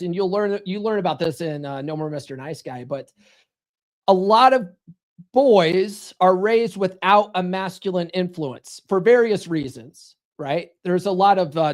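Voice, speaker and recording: A man hosting a podcast, talking casually and bluntly, swearing and tossing in "right?" and "okay?" as he goes. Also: high-pitched. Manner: blunt, profane, keeps checking in with "right?" and "okay?". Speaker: podcast host. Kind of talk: casual monologue to a live chat.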